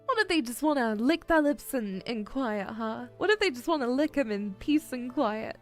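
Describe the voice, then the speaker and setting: A woman's voice: on the high side, expressive, normal speed, faint music behind. A young adult woman streamer chatting casually with her viewers, giggling often and whining in a playfully dramatic way. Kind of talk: casual livestream chat.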